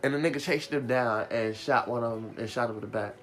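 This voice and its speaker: A man hosting a live radio show, telling stories in a profane, animated way and laughing as he goes. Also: medium pitch, quick pace, soft background music. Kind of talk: casual storytelling rant.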